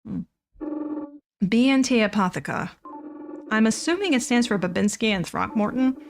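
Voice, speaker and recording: A woman's voice: fairly high pitch, normal speed, creaky, a little hiss or hum. A woman streaming a story game live, reading along and joking in playful asides.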